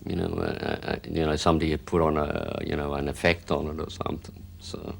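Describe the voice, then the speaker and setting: A rock guitarist talking casually in an interview, rambling and filling gaps with "you know", now and then chuckling. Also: male voice, extremely low pitch, level tone, fairly quick, gravelly. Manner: chuckles while telling stories.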